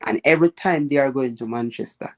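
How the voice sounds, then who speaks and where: A man's voice: medium pitch, fairly quick. Jamaican man telling stories in patois. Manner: lively patois storytelling, quotes people in raised voice. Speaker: live chat host. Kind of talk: casual storytelling chat.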